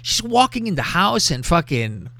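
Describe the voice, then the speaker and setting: A man's voice: high-pitched, very animated, normal speed, bright, forceful tone, dry recording. A man hosting a podcast, talking crudely and animatedly, often mimicking other people's voices. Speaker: podcast host. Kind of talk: crude casual chat.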